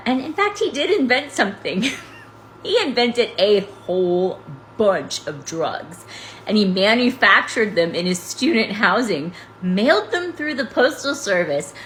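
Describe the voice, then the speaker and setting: Woman, casual storyteller, wry and amused, lively pitch, faint background noise. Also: rough recording. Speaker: TikTok storyteller.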